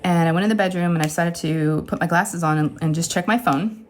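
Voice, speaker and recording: A woman's voice: fairly low pitch, a little fast, a little hiss or hum. A woman in her forties, a craft channel host, telling a candid personal story in a rambling, emotional way from her home craft room.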